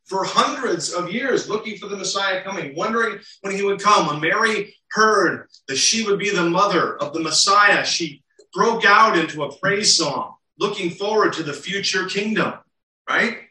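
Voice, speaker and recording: A man's voice: sits high, expressive, moderate pace, sharp tone. A man preaching a sermon, teaching earnestly with rhetorical questions to the congregation. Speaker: pastor. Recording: roomy and distant.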